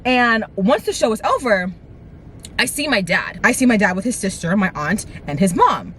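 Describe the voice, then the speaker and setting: A woman in her twenties telling a dramatic storytime vlog to her viewers, with lively asides. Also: mid-range voice, moderate pace, a little hiss or hum. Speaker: vlogger. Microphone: camera mic.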